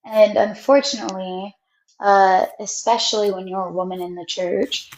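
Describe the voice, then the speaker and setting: A woman's voice: mid-range voice, steady tone, normal speed, darkish tone. A woman calling in to a chat show, speaking in a reflective, frustrated way. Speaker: caller. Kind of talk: casual conversation. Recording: echoey dull call audio.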